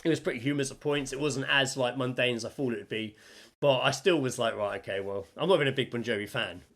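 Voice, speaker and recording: A man's voice: medium pitch, fast, fairly bright tone. A man co-hosting a podcast, telling a story in casual chat and acting out the people he quotes. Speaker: podcast co-host.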